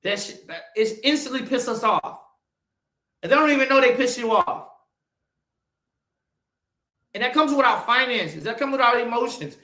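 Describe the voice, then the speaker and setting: A man in his forties, a podcast host, giving a blunt, profane motivational talk that swings from loud urging to low, quiet asides. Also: expressive, moderate pace, pauses often, roomy sound. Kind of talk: motivational monologue.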